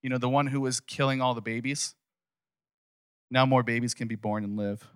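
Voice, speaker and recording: A man's voice: mid-range voice, steady tone, moderate pace, smooth, dry recording, studio quality. A man preaching a casual sermon as a pastor, retelling a Bible story in a conversational, emphatic way.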